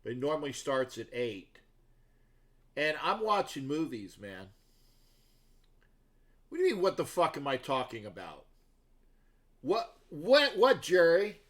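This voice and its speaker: A man's voice: mid-range voice, very animated, moderate pace, long pauses, a bit bright. A man hosting a sports talk livestream, chatting loosely with viewers and rambling through stories with many restarts and asides. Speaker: livestream sports show host. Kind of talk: casual rambling livestream chat.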